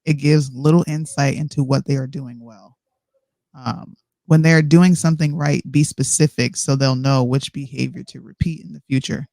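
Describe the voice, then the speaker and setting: A woman's voice: very deep voice, fairly even intonation, moderate pace, vocal fry, warm tone, dry recording. A woman co-hosting a casual live-stream chat, bluntly and sarcastically reacting to parenting advice she reads aloud. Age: adult parent. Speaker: co-host. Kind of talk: casual chat, reading from an article.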